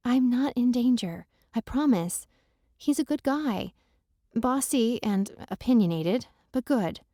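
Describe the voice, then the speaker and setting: A woman's voice: on the high side, lively intonation, a little slow, mellow, no echo. A woman narrating a first-person romance audiobook on a close studio mic, in a wry, self-deprecating, emotional manner.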